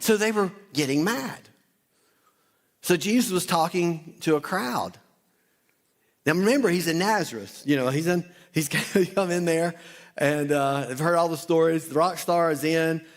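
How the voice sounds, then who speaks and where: A male pastor preaching a sermon, telling the story with lively asides and acting out the townspeople's voices. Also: a little high, normal speed. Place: church auditorium.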